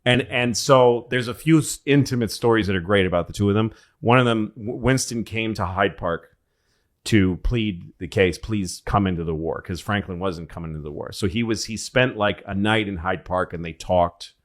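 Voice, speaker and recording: Podcast co-host, male, lowish voice, loose rambling comic storyteller. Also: normal speed. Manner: rambling storyteller, acts out quoted voices, swears. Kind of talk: casual comedic chat.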